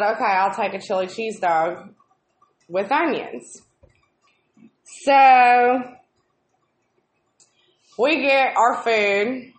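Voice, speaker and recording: A woman, telling stories in a casual chat, swearing constantly and ranting in exasperation. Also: medium pitch. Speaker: co-host of a live video chat. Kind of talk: casual profane storytelling. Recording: roomy echo.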